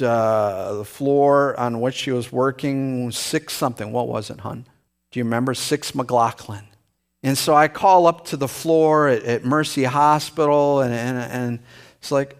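A middle-aged man preaching a sermon as pastor, telling a story in a lively way and acting out the voices in it. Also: clear, resonant tone. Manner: animated storytelling, rising to excited high-pitched re-enactments.

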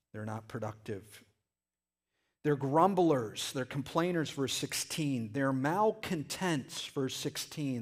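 A man delivering a sermon in a loose, conversational way, repeating and restarting his words as he goes. His voice sits at an ordinary middle pitch, and he jumps to a loud shout when he acts out a scene. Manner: conversational preaching with frequent restarts and sudden shouted asides. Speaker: pastor.

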